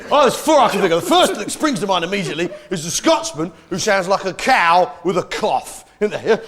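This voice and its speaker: A brash stand-up comedian with a high, animated voice works the room with rhetorical tags. A packed comedy club crowd laughs behind him. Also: male voice, a little fast, few pauses, noisy background. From England.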